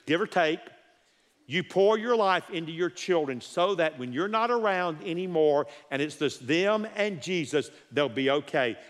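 A man's voice: fairly high pitch, a bit bright. A man preaching a sermon with emphasis, repeating his key phrases and counting off numbered points. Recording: long hall reverb.

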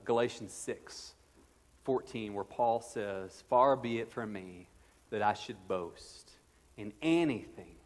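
Pastor preaching in a reverberant church. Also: male voice, fairly low pitch. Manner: earnest, conversational preaching with playful asides and repeated restarts. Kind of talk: sermon. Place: church sanctuary. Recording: long reverb of a church hall.

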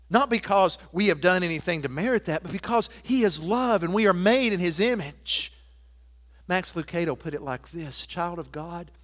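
A man preaching a sermon, quoting scripture and hymn lines and moving from loud emphatic declarations to soft, intimate asides. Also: a little high. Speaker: pastor.

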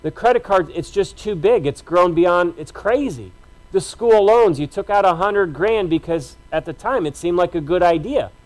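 A man with a notably high voice for a male speaker delivers a sermon from the pulpit. He talks to the congregation in a conversational, emphatic way, piling up short repeated phrases. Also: lively intonation, normal speed, a little mellow, low-quality recording. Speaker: pastor.

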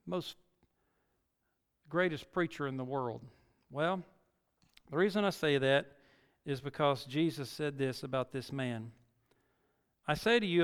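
A man's voice: fairly high pitch, fairly bright tone, smooth. A male pastor preaching a sermon, reading scripture dramatically and building to emphatic peaks. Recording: long reverb of a large hall.

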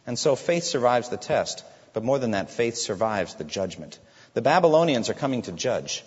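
A man preaching a sermon as a pastor, emphatic, with dramatic pauses and rhetorical questions. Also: medium pitch, sing-song, husky, in a large hall, dull audio.

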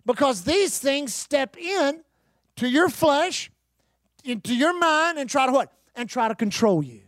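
A man's voice: very high-pitched, sing-song, a little slow, a bit bright, dry recording. A male pastor preaching a sermon with call-and-response and humor.

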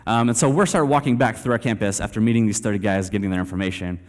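A young Texan preacher tells a story during a sermon, casual and self-deprecating, peppering his speech with "man" and "like." His voice is on the low side, his pace quick, and the hall he's recorded in is reverberant.

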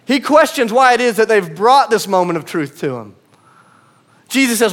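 A male pastor preaching a sermon, conversational and swinging from quiet asides to emphatic calls. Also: high voice, expressive, normal speed.

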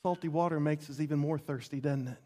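A man preaching a sermon as pastor, dramatic, repeating words and swinging between loud passages and hushed ones. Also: fairly high pitch, fairly even intonation, fast.

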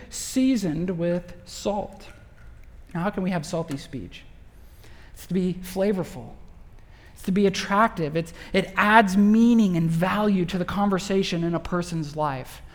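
A man's voice: sits high, long reverb tail. A male pastor preaching a sermon in a conversational way, full of rhetorical questions.

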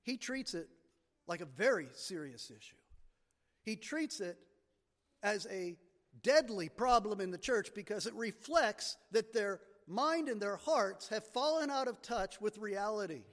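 A man with a high voice preaches a sermon and hits his key words hard. His voice rings out in the long reverb of a church sanctuary. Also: animated, a little slow. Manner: emphatic teaching, stressing key words. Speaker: pastor. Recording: long reverb of a large hall.

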